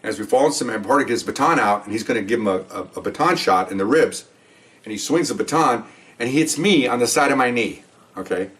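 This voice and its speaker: A man's voice: medium pitch, lively intonation, quick pace, fairly bright tone, far from the mic. An older man, a retired police officer, telling a story in a casual, rambling way and often checking in with "okay?". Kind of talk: casual spoken anecdote.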